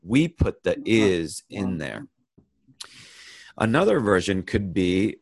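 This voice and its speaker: A man leading a Bible lesson over a video call, praying first and then explaining a verse in a relaxed way with many pauses and restarts. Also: sits low, vocal fry, breathy edge, no echo. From United States. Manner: unhurried, thinking aloud with fillers and restarts. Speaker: Bible study teacher. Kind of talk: casual Bible lesson with opening prayer. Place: online video call, sharing a screen.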